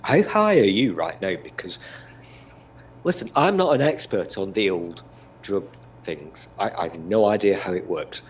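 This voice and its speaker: A man's voice: lowish voice, animated, normal speed, a little hiss or hum. A British man in casual chat, swearing freely and bragging in a teasing, mock-boastful way. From Britain.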